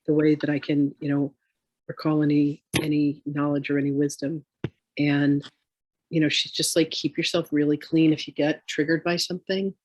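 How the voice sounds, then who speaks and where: A woman's voice: deep voice, darkish tone, no echo. A woman spiritual teacher in a casual chat, telling rambling, chatty stories.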